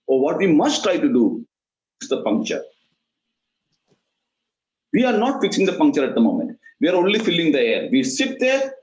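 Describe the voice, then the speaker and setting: A man's voice: on the high side, a little mellow. A man teaching meditation, explaining steps through repeated analogies. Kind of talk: explanatory talk. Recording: roomy, dull lo-fi recording.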